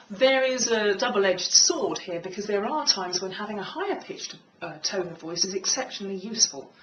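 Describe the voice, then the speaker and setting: A woman speaking coach giving a clear, measured talk on confident speaking, in a room with a piano. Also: far from the mic, muffled recording, a little hiss or hum. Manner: clear, measured, demonstrates pitch by singing. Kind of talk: instructional talk to camera.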